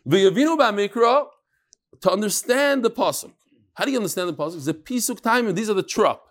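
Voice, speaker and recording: A man's voice: sits high, expressive, a little fast. A man teaching a casual study-group class, chanting lines and then explaining them with restarts and joking asides. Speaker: Talmud teacher.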